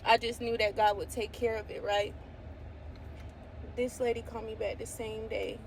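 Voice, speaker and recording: A woman with a somewhat high voice tells a faith testimony in a casual, excitable way, breaking into exclamations and reading scripture aloud. A faint hum of a vehicle sits behind her. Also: normal speed, gravelly. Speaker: faith vlogger.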